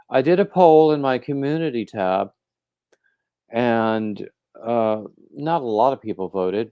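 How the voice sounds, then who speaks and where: A man hosting a casual crochet livestream, rambling and halting, with plenty of fillers and restarts, and greeting viewers by name as they arrive. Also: mid-range voice, vocal fry, darkish tone, smooth, dry recording. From coastal North Carolina.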